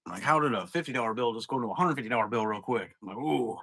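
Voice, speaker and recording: A middle-aged man talks loosely and at length, drifting from one story to the next, with plenty of cursing and chuckling at his own tales. His voice is bright and a little tense. The sound is close and dry, with no room around it. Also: mid-range voice, animated, very fast, husky, dry recording. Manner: rambling storyteller, swears freely, laughs at his own stories. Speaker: live-stream seller. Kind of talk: casual chat. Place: at home, sitting.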